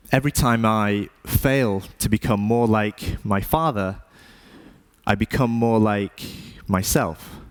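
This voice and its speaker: A man, an artist giving a stage talk, speaking in a thoughtful, self-deprecating way with hesitant fillers. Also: fairly low pitch.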